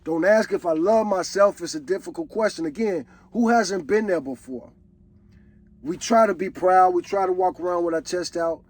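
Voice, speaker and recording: A man's voice: high-pitched, moderate pace, soft background music. A man, reacting to a song in casual commentary, earnest and preachy. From Chicago. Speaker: reaction video host.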